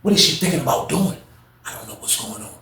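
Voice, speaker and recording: A man telling a story in a casual, animated, slangy monologue, full of profanity. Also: medium pitch, fast. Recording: echoey room with faint noise.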